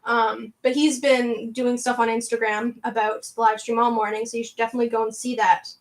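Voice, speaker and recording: Canadian girl, ontario accent, high bubbly voice, chatting with her livestream chat. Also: flat delivery, a little fast, rough recording. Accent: Canadian, southwestern Ontario. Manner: bubbly, chatty, laughs often, reads and answers chat. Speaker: livestream host.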